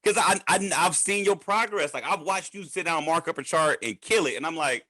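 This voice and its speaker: A man from Detroit chatting in an animated, joking way on a celebration call, often stumbling and restarting. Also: fairly high pitch, brisk, dry recording. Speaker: trading educator. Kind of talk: casual celebratory chat.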